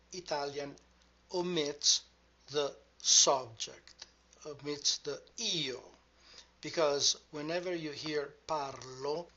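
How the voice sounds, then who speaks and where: A man teaching a grammar lesson, patient and measured, spelling out each form. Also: fairly high pitch, sharp tone. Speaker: language teacher. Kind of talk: slow, deliberate grammar lesson. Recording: dull lo-fi sound.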